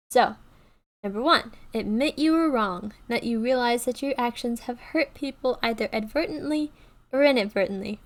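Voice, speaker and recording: A woman talks straight to her viewers in a casual advice video. Her voice sits a little high, and she keeps checking in with a quick "okay?" or "right?" She often restarts her sentences, earnest and plain-spoken. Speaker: YouTube creator. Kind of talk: casual advice talk to camera.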